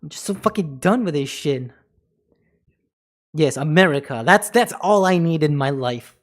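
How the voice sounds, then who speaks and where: His voice is on the high side and expressive, moving at a moderate pace. During a laid-back livestream he jokes, curses often, and breaks into mock foreign words, laughing regularly as he goes.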